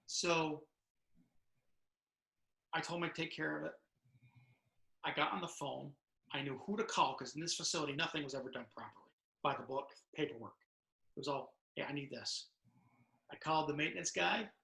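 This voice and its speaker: Middle-aged male ex-officer, raspy and bright, chatty storyteller, echoey video-call sound. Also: on the high side, normal speed, pauses often. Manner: storytelling, acts out dialogue, many restarts. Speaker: author and retired correctional officer. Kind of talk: conversational interview answers. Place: home room over video call.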